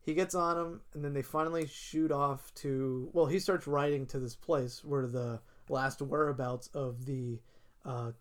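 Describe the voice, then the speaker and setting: A man in casual chat, recapping a TV episode and acting out characters' lines in quick asides. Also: medium pitch, steady tone.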